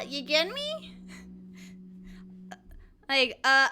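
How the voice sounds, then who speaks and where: Giggly woman streamer, higher voice, bright and sharp, slow easy talk while she draws, soft music behind. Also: animated, clean tone. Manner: giggly, laughs often, answers chat playfully. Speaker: art streamer. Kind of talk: casual live-stream chat while drawing.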